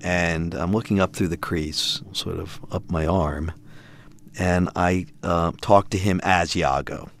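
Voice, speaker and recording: A man recounting a story about his son, animated and acting out the voices of the people in it. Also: low-pitched, takes it slowly. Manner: animated, acts out the voices of others. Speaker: father telling a family story. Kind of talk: storytelling in an audio documentary.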